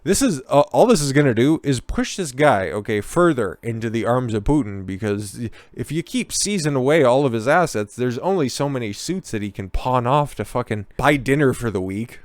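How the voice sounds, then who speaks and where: A man riffing on news stories in a mocking, sarcastic tone, swearing freely and breaking off into asides. His voice sits at an ordinary middle pitch. The sound is close and dry. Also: no echo. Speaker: political commentator. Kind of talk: sarcastic commentary on news clips.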